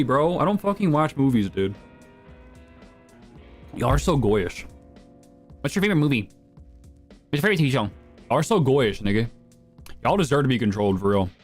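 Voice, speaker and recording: A young man streams live and talks back to his chat in a loose, crude, slang-heavy way. His voice sits at an ordinary middle pitch, and quiet music plays underneath. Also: lively intonation, brisk, long pauses. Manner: crude, provocative, slangy banter.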